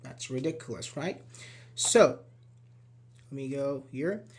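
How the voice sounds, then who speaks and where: A man giving an online English grammar lesson, lively and full of rhetorical questions to the viewer. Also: medium pitch, slow pace. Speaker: English teacher.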